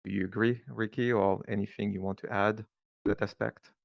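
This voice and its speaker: Gravelly French-accented man, halting. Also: fairly low pitch, steady tone, dry recording, lo-fi sound. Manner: thoughtful, halting, many fillers. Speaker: panelist. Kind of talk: panel discussion.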